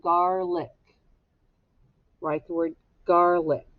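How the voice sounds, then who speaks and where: A woman's voice: lowish voice, flat delivery, dry recording, phone-quality sound. A woman teacher dictating a spelling test to young students, sounding out each word syllable by syllable. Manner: slow, deliberate, sounds words out syllable by syllable.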